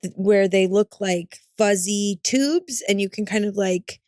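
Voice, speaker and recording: A woman's voice: mid-range voice, unhurried, a little mellow, dry recording, clean studio sound. A woman in her thirties co-hosting a podcast, telling stories in a chatty way and laughing often. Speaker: podcast co-host. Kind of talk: casual chat.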